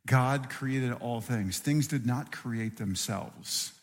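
A man's voice: medium pitch, slow pace. A middle-aged man preaching a sermon, earnest and repeating phrases for emphasis. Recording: long hall reverb.

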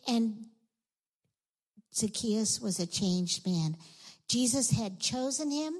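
A woman leading a children's sermon, telling a Bible story in an animated way and asking the kids questions. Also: a little high, measured pace, pauses often, rough recording.

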